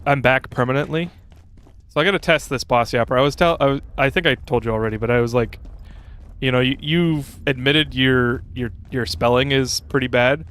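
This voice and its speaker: A young adult man streams a game, his medium-pitched voice smooth and a little bright. He chats casually with viewers in a rambling way, reading chat aloud, restarting sentences, and using frequent fillers.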